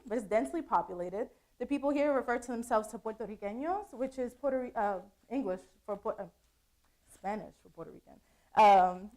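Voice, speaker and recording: Chatty young woman presenting, higher voice. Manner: casual, chatty, laughs easily. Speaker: student presenter. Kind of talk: conference presentation.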